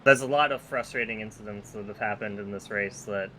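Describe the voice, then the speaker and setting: A man streaming a sim endurance race, chatting casually with teammates, blunt and quick to swear. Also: lowish voice, pushed and bright, slight background noise. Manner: blunt, swears freely, laughs often. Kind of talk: casual chat while sim racing.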